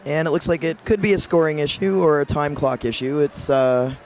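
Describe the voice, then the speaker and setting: A man's voice: on the high side, brisk, slight background noise. A man giving easygoing play-by-play commentary on a roller derby bout, with dry quips. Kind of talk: live sports commentary.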